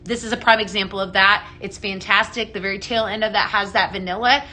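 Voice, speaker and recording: A woman's voice: medium pitch, fairly even intonation, a little fast, bright, forceful tone, slight background noise. Bubbly, breathless woman on a live stream. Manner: chatty and bubbly, reads viewer comments aloud. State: a bit out of breath. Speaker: home fragrance seller hosting a live stream. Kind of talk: casual live-stream product chat.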